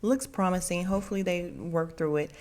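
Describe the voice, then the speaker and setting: A woman's voice: on the low side, a little fast, darkish tone. A woman hosting a podcast, casually recapping a TV reunion, chatty and laughing often. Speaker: podcast host.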